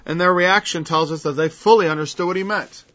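A man's voice: high voice, fairly quick, fairly bright tone. A man preaching a verse-by-verse Bible teaching in a conversational way, acting out the people he quotes in changed voices. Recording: dull lo-fi recording.

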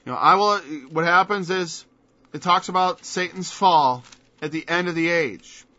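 Male preacher, high bright voice, emphatic and mocking sermon delivery, dry dull lo-fi recording. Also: moderate pace, no echo. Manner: emphatic, mocking rhetorical questions.

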